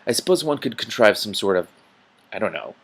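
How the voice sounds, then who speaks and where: A man's voice: fairly low pitch, sing-song, a little fast, fairly bright tone, breathy edge, heavily acted. A man playing an eager, naive little tourist. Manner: breathless, curious, polite. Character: eager, naive male tourist, small and polite.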